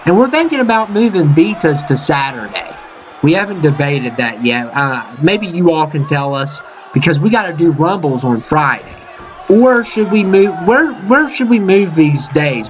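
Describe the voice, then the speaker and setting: A man doing casual, excitable play-by-play commentary over a wrestling video game, full of fillers and "uh-oh" exclamations. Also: fairly high pitch. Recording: dull lo-fi mic with game crowd and noise behind. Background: video game arena crowd noise.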